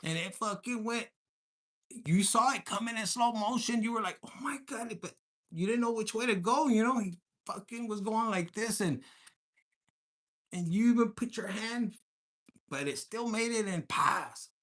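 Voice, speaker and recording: A man's voice: high voice, normal speed, fairly bright tone. A man hosts a tarot reading vlog in a loose, rambling way. He swears constantly and jokes crudely, with bits of Spanish slang mixed in. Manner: crude, profane and joking, mixing in Spanish slang. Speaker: tarot reader.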